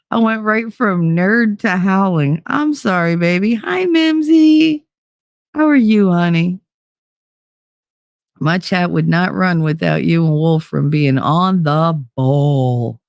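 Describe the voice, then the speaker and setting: A sleepless, frazzled woman from New Jersey hosts a loose livestream, chatting with viewers and swearing freely. Her voice has a rough, gravelly edge. The sound is dry and close, with no room around it. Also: low voice, darkish tone, dry recording. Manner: rambling, profane, reads chat aloud. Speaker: livestream host. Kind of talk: casual livestream chat.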